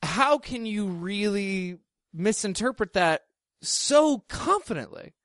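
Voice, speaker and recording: A man co-hosting a podcast in casual chat, chiming in with sarcastic, quick-witted remarks. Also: high voice, lively intonation, a bit bright, dry recording, studio quality. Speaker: podcast co-host.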